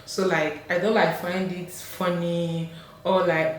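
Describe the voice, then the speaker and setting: A woman's voice: fairly low pitch, fairly quick. A young woman from Nigeria with a Delta Nigerian accent, chatting casually to camera, laughing often and acting out voices she quotes. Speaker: vlogger. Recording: very echoey room, faint background hum.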